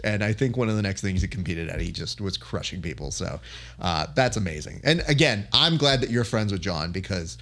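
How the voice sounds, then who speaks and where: Lower-voiced man hosting a podcast. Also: a little fast. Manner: animated storyteller who acts out quoted exchanges. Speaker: podcast host. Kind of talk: casual storytelling chat.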